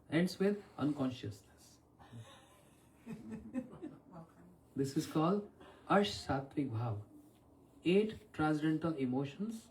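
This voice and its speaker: Spiritual teacher, heard from afar. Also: male voice, a little high, darkish tone. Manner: questions the listeners often, with throat-clearing. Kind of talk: evening question-and-answer talk. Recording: voice from far off the mic.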